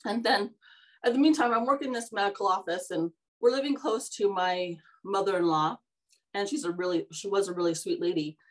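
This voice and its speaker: A woman hosts a casual podcast and tells stories from her own life. She wanders off track, restarts her sentences and laughs often. Her pitch sits in the ordinary middle range for a woman. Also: brisk, low-quality recording. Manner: rambling, self-correcting, laughs often. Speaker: podcast host. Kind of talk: casual storytelling.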